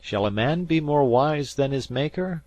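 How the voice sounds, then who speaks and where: A man voicing a grave, dazed older man of faith who speaks formally and slowly. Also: a little high, lively intonation, darkish tone, no room sound, voice pushed up. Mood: solemn. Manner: solemn, formal, measured.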